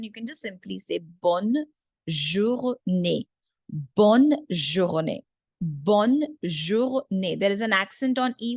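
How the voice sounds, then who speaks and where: A woman teaching a French lesson in English, patiently repeating each word slowly for learners. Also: mid-range voice, creaky, dry recording, clean studio sound. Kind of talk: online language lesson.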